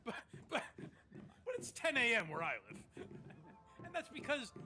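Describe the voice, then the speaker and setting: Male host, high and lively voice, rambling and profane, reacting to clips on stream. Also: unhurried, music in the background. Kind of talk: casual commentary on clips.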